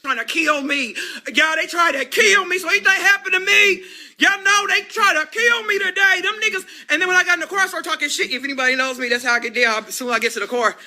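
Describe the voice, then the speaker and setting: A woman with an American accent telling a story on a live stream, excitable and profane, often shouting and laughing. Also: very high voice, quick pace.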